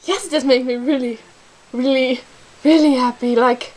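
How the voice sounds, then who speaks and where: Gushing high-voiced young woman, gasping. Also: steady tone, unhurried. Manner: gushing, gasping, repeats oh my god. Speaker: reaction video host. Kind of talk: excited music video reaction. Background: music playing.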